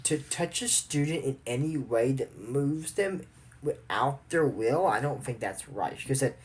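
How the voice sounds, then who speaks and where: A woman's voice: extremely low pitch, expressive, unhurried, darkish tone, husky. A woman giving a rambling, judgmental recap of a cartoon episode in casual commentary, with frequent restarts.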